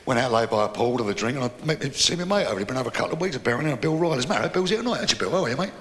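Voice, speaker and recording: A man with a London accent doing a live stand-up routine, telling crude stories in a brash way and shouting his punchlines. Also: mid-range voice, animated, rapid-fire, in a large hall, slight background noise. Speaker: stand-up comedian. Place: live comedy venue.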